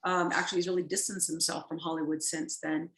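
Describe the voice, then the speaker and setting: A woman's voice: sits low, flat delivery, quick pace. Middle-aged woman chatting in an echoey room. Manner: warm, rambling, self-correcting storyteller who laughs easily. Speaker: actress guest. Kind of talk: casual interview chat.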